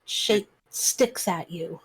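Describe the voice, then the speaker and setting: A woman's voice: on the low side, very slow, crowd noise. A woman playing a tabletop game, easygoing as she describes what her character does. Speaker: player. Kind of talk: casual tabletop play.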